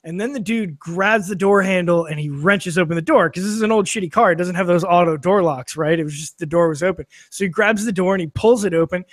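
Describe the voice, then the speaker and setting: A man's voice: high-pitched, fast talker, few pauses, no echo, studio quality. A man telling a long anecdote on a casual podcast, with lots of fillers, restarts and swearing, laughing as he goes. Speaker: podcast guest or co-host. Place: studio filmed for video.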